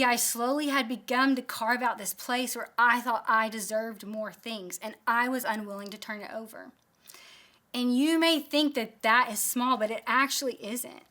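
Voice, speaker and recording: Woman, thirties, Bible study teacher, candid self-deprecating storytelling, bright tone. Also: on the high side.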